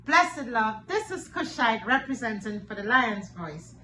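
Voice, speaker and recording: A woman doing a slow, chant-like station drop, partly sung. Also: a little high, big pitch swings, sharp tone, a little hiss or hum. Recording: echoey room.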